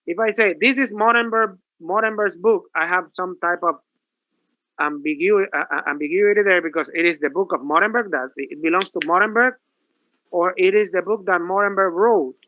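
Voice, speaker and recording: A man's voice: high voice, fairly quick, no room sound, phone-quality sound. A male professor giving a classroom grammar lecture, asking rhetorical questions and repeating himself. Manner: lively, repetitive, rhetorical questions.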